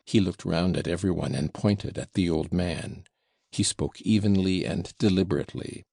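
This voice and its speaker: Deep, gravelly audiobook narrator. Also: male voice, normal speed, a little mellow, dry recording, clean studio sound. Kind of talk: scripted narration of a classic novel.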